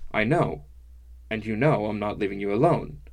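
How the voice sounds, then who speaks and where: A man voicing a steady woman innkeeper who speaks calmly and reassuringly. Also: on the low side, normal speed, vocal fry. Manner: calm and reassuring.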